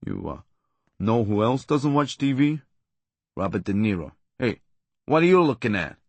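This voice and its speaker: A man voicing a pushy male impressionist who keeps switching into loud put-on cartoon and gangster voices. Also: mid-range voice, very animated, normal speed, dry recording.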